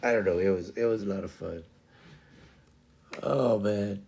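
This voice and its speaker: Hosting his stream, a man tells an amusing story in a fairly low, gravelly, darkish voice at a measured pace. The storytelling is casual and meandering, packed with fillers, pauses to find the right word, and bursts of laughter.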